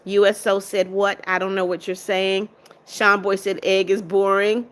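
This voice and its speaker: A woman's voice: medium pitch, flat delivery, measured pace. A middle-aged American woman hosting a casual live stream, chatting as she reads out viewer comments and answers each one. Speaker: livestream host reading viewer comments.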